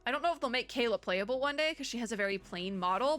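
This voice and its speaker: A young adult woman giving chatty, animated commentary while reading a game's story aloud. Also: fairly high pitch, soft background music. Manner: animated, chatty, quick to react. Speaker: gaming content creator. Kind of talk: game playthrough commentary and reading.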